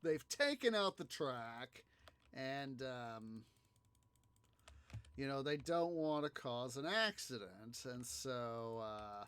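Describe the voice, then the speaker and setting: Slow, rambling man with a smooth voice. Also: mid-range voice, lively intonation, a bit bright. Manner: rambling, halting storytelling with many fillers and restarts. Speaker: gaming channel host. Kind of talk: casual gameplay commentary.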